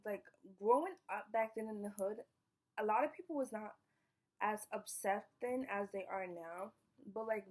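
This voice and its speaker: A young woman telling a personal story in a casual storytime, animated and swearing, acting out what people said. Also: medium pitch. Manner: animated, swearing, acts out quoted lines. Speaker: vlogger.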